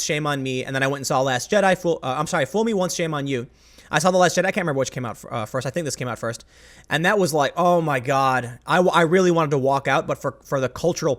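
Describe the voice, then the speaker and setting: A man delivering a rambling, opinionated commentary monologue as host, often stopping and restarting his sentences. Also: fairly high pitch. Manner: rambling, self-interrupting, emphatic.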